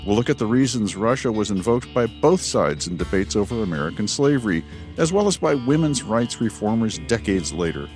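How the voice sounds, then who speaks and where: A man co-hosting a history talk show, explaining in a measured, thoughtful way. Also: on the low side, lively intonation, darkish tone, soft background music. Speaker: history podcast co-host. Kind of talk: conversational history discussion.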